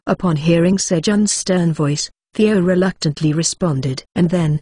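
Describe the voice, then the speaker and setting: A woman narrating a web novel audiobook in an even, steady reading tone. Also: fairly low pitch, a little slow, hardly any pauses, husky, no room sound, studio quality.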